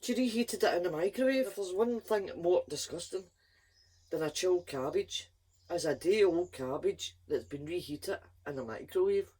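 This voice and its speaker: A woman reading a children's story aloud in a lively, expressive first-person voice. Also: on the low side, moderate pace, husky.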